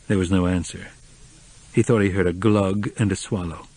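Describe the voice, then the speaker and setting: A man narrating an audiobook in a measured, even storytelling voice. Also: low-pitched.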